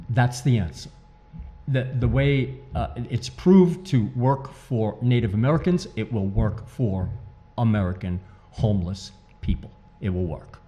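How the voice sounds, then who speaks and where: An author and activist appears as an interview guest, speaking in a warm, medium-pitched voice. He talks earnestly and emphatically, repeating his main points.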